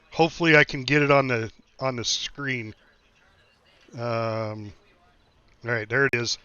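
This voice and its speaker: Middle-aged American man, easygoing streamer chat, bright and slightly high, dry dull sound. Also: clear, resonant tone, no echo. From United States. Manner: easygoing, laughs often, rambling with restarts. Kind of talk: casual chat while gaming.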